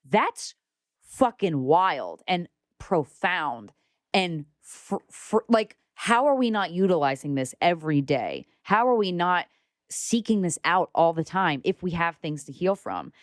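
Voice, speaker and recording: A young woman talking as a podcast guest, animated and outspoken, with casual swearing. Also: on the low side, unhurried, no room sound, studio quality. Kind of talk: casual conversation.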